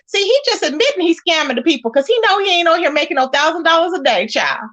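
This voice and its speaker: Sassy high-voiced woman spilling gossip. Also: sing-song, quick pace, few pauses, a bit bright. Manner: sassy, emphatic, rhetorical questions to viewers. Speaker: commentary channel host. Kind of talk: casual gossip commentary.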